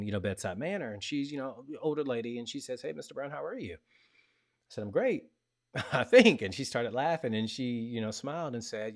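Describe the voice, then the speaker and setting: Man telling a personal story animatedly. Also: fairly low pitch. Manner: animated retelling with quoted dialogue and gasps. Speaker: podcast host. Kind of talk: casual storytelling monologue.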